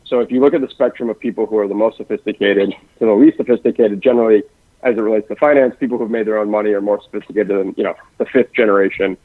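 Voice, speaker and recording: A man who works in investments at a family office, talking quickly and densely in a podcast conversation, with frequent restarts. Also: lowish voice, steady tone, no room sound. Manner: rapid-fire, dense talker with many restarts. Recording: dry, phone-like lo-fi sound.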